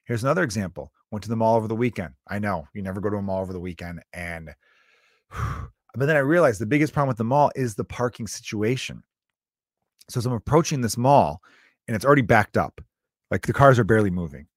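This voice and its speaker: A man's voice: fairly low pitch, lively intonation, fast, no echo, studio quality. A man in his thirties and a father of two, talking casually and comically, acting out scenes with his kids and swearing freely. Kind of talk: casual comedic monologue.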